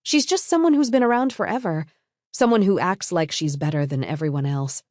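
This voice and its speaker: A woman's voice: on the low side, lively intonation, brisk, a little mellow, no echo, studio quality, natural voice. A woman voicing a guilty young woman who pleads and lashes out defensively. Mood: desperate.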